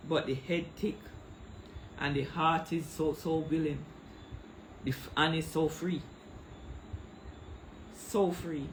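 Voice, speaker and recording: A woman's voice: deep voice, steady tone, takes it slowly, long pauses, slight background noise, low-quality recording. A middle-aged woman with a Jamaican accent, speaking Patois in a heated, tearful livestream rant, calling out viewers by name into a phone. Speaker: social media livestreamer.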